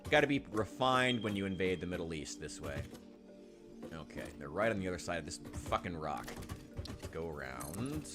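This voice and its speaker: A man casually commenting while playing a game, rambling and sarcastic, now and then yelling in panic. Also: low-pitched, expressive, moderate pace. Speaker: gaming channel host. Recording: game music loud behind.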